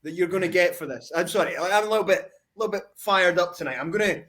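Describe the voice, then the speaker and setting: A man's voice: high voice, fast, few pauses, a bit bright. A man, a wrestling champion, boastfully trash-talking his way into an interview over a video call. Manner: cocky, boastful, swaggering. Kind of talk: brash trash talk.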